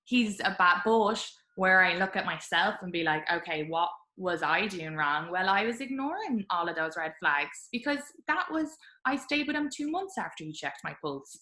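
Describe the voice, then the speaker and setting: A woman podcast host tells candid stories in a chatty, animated way, full of "like" and quick asides. Her voice is bright and a touch low-pitched for a woman. It rings in an echoey room. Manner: chatty, animated, laughing storyteller with lots of fillers. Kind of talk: candid conversational storytelling.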